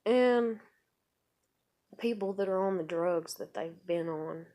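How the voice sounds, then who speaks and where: A woman, telling a personal story in a rambling, profane vlog, dropping to quiet asides and rising to loud outbursts. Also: fairly low pitch, takes it slowly. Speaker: vlogger.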